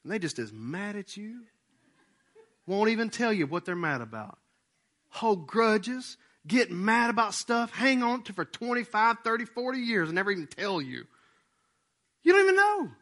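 A man preaching to his congregation. His voice sits high and bright, and it swings widely in pitch as he teases and questions the crowd in a folksy, animated way. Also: normal speed. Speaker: pastor. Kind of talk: sermon.

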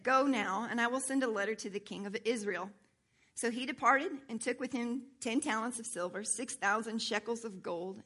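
Woman pastor, sermon, bright voice, a bit high, animated, reads scripture and asks if it makes sense. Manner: animated, asks the congregation for agreement. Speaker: worship pastor. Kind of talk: sermon reading and explaining scripture.

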